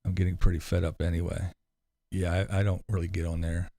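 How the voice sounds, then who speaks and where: A man's voice: low-pitched, flat delivery, brisk, dark tone, no room sound. A man hosting a casual livestream, reading comments and answering with rambling, sarcastic asides, speaking close into a desk mic. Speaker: livestream host. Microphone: close desk mic with headphones.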